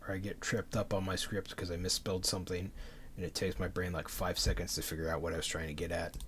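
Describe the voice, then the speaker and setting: A man's voice: low-pitched, little pitch movement, fast talker, fairly bright tone, a little hiss or hum. Breathless rambling man streaming. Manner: passionate, rambling, many fillers and restarts.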